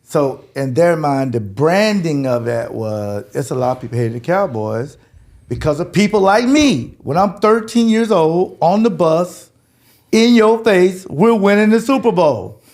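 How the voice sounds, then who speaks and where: A man in his fifties from Jacksonville, Florida, telling stories as a guest in a lively, laughing way. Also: on the high side, a little slow. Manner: lively, laughing, swings between loud and quiet. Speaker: guest, former football player. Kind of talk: animated storytelling.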